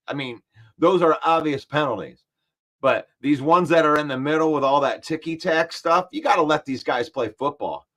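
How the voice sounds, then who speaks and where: A man hosting a casual sports talk stream, animated and argumentative, repeating points for emphasis. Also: fairly high pitch. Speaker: sports show host. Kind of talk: casual live-stream chat, reading comments.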